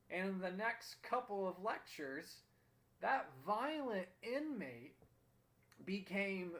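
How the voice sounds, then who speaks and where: A man's voice: sits high, fairly bright tone. Earnest young man telling a motivational story. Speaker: host. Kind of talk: motivational talk.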